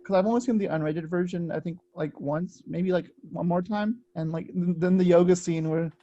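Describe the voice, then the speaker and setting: A man hosting a casual film podcast, relaxed and chatty. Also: high-pitched, normal speed, muffled recording.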